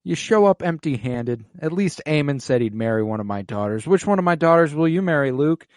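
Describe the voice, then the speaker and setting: A podcast host doing a blunt, angry lord, raised high and loud and crude, barking his demands in a dry, close voice. It is an offhand put-on voice in casual talk. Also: lively intonation, fairly quick, no room sound, lightly acted. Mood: indignant.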